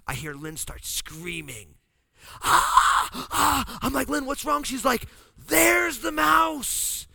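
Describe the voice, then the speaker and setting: Gravelly-voiced bright storytelling pastor. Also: male voice, on the high side, no room sound. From New Jersey. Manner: animated, acts out voices in his story. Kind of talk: storytelling sermon.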